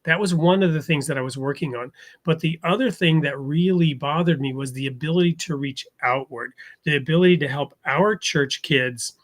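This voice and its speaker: A man hosting a conversational faith podcast, talking in a thoughtful, halting way and laughing easily. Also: on the high side. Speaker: podcast host. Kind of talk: conversational interview.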